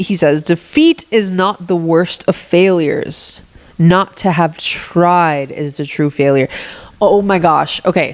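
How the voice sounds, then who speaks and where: A young woman hosting a solo podcast, chatting casually and rambling with lots of fillers and self-deprecating asides. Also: fairly low pitch. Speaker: podcast host.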